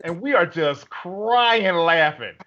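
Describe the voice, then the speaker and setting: A man's voice: sits high, animated, slow pace, sharp tone, lo-fi sound. A man co-hosting a casual chat, laughing often and chiming in with playful interjections. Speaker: co-host.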